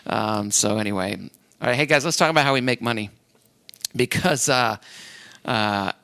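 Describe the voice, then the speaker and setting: A man's voice: mid-range voice, normal speed, pushed and bright, clear, resonant tone, dry recording. A man from Cleveland, Ohio, hosting a casual podcast as a real estate agent, rambling and self-deprecating. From Cleveland, Ohio, USA.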